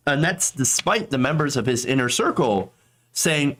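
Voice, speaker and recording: A man's voice: mid-range voice, lively intonation, moderate pace, a bit bright. A man hosting a political commentary show, talking in a sarcastic, mocking way.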